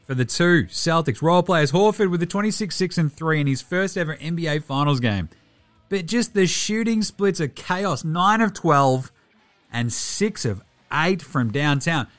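A young Australian man runs through game stats in a loose, animated podcast recap. His voice sits a little high for a man, and he swears and pokes fun at himself as he talks. Faint music plays quietly underneath. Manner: animated, swearing, self-mocking, quick stat rundowns. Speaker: basketball podcast host.

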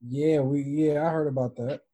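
A man's voice: on the high side, steady tone, moderate pace, mellow, dry recording. A man co-hosting a casual podcast chat, throwing in dry joking asides. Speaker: podcast co-host.

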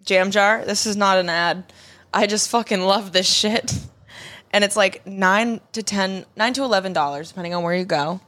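A woman's voice: mid-range voice, moderate pace, a bit bright, dry recording. A woman in her twenties co-hosting a casual chat show, blunt and crude, laughing often. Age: 20s. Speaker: podcast co-host.

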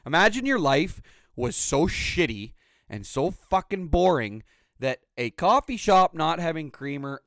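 A man's voice: mid-range voice, fairly bright tone, no echo. A man hosting his own podcast, ranting with sarcasm and lots of swearing. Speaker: podcast host. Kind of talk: solo podcast rant.

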